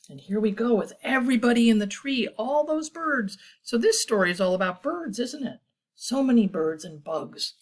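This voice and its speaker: A woman children's librarian reading bedtime stories aloud, inviting young listeners to join in with animal sounds in a gentle, calming way. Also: mid-range voice, normal speed. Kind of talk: children's story time read-aloud.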